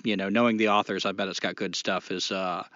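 A man's voice: low-pitched, fairly even intonation, brisk, fairly bright tone, no echo, lo-fi sound. A man co-hosting a podcast in casual chat, blunt and opinionated, swearing freely. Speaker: podcast co-host.

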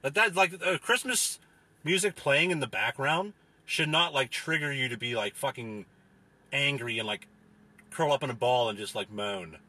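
Profane rambling young man, husky. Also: moderate pace, sharp tone. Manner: profane, rambling, lots of fillers; mocks others in a whiny falsetto. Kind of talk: casual ranting monologue.

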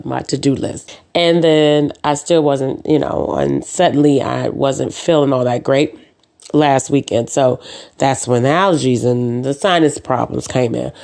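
Podcast host, woman with a deep speaking voice; chatty storyteller who acts out dialogue, many ums and uhs. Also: creaky, a little mellow. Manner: says "um" and "uh" often. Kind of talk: casual chat.

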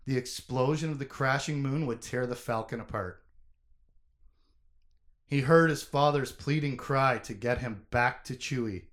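A man recapping a story casually, then reading a long passage aloud with dramatic emphasis. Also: medium pitch. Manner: reads aloud with dramatic emphasis, shouting quoted lines.

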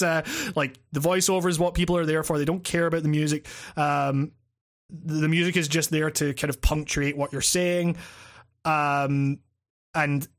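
A Scottish man talks on a podcast in a loose, rambling way. His voice sits a little high for a man. He piles up fillers, restarts and casual swearing as he thinks aloud. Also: a bit bright. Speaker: podcast co-host and video essayist.

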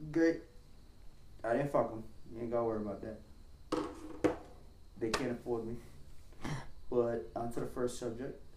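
A man's voice: mid-range voice, level tone, moderate pace, long pauses, roomy sound, heavy background noise. A man talking as a podcast guest in casual banter, profane and rambling as he tells stories.

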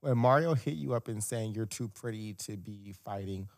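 A woman hosting an interview, asking probing questions in a measured way and affirming often. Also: rumbling low, a little mellow. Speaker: host.

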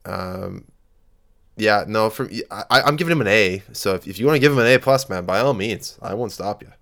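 Low gravelly laid-back man. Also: fairly quick, a bit bright. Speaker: podcast co-host. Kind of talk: casual sports chat.

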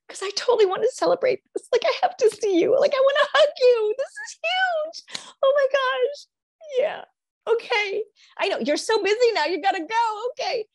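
A woman's voice: very high voice, no echo, pitched above the performer's own voice. A woman acting out an overjoyed friend who is hearing great news, gasping and repeating her exclamations. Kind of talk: acted demonstration.

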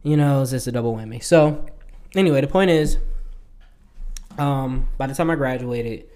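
A man's voice: mid-range voice, normal speed, a little mellow. A young man hosting his own podcast, talking casually in a rambling way and laughing often. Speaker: podcast host. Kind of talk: casual solo podcast monologue.

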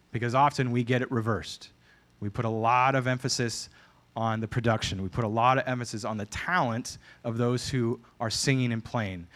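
A man's voice: mid-range voice, fairly bright tone. A man preaching a sermon as pastor, earnest and emphatic, often repeating phrases for weight.

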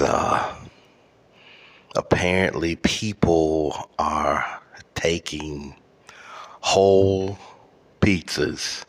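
Slow, deep-voiced man ranting. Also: fairly bright tone. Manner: profane, exaggerated outrage with frequent fillers. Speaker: podcast host. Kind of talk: solo comedic rant.

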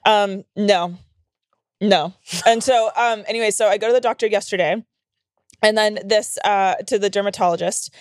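A woman's voice: medium pitch, normal speed, no room sound, clean studio sound. A young woman co-hosting a podcast, telling stories in a casual, profane way and acting out the people she quotes. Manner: animated storytelling with acted-out quotes, profane. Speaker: podcast co-host.

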